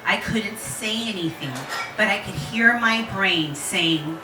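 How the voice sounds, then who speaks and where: A woman's voice: mid-range voice, slow pace, distant mic, music in the background. Candid woman telling a story, echoey. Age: 40s. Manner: candid, animated, laughing, swearing freely. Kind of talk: personal story told to a live audience.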